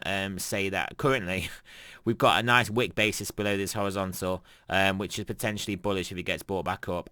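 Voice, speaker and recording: A man's voice: sits low, sharp tone, dry recording, studio quality. A young man giving casual, rambling market commentary, full of fillers and restarts and frequent chuckles. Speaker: crypto trading commentator.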